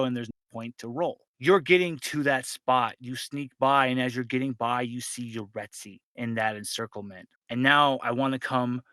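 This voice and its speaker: A man's voice: medium pitch, fairly bright tone, no echo. A man narrating a tabletop game as game master, casual and crude in his storytelling.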